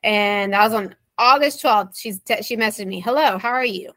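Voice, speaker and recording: A woman's voice: medium pitch, moderate pace, bright, forceful tone, dry recording. A woman in her thirties, a guest recounting a bad experience, quoting messages back and forth with a wry, exasperated manner. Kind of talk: interview storytelling.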